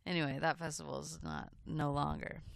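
A man's voice: fairly high pitch, level tone, fairly quick, creaky, dry recording, studio quality. A man co-hosting a music radio show, teasing his co-host in casual on-air banter.

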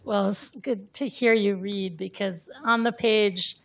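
A woman's voice: medium pitch, fairly even intonation, unhurried. A woman interviewing an author, speaking in a casual, complimentary way. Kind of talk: casual chat.

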